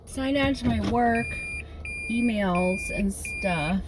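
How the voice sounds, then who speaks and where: A woman's voice: a little high, takes it slowly. A woman vlogging casually from her car, rambling and poking fun at herself. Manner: rambling, self-mocking, chatty. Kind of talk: casual vlog talk. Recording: loud car and street noise.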